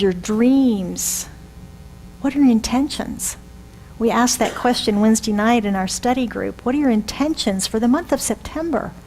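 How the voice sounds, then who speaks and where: Older woman minister, relaxed conversational sermon delivery with rhetorical questions; faint hum under the recording. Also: a little high, low-quality recording. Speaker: reverend.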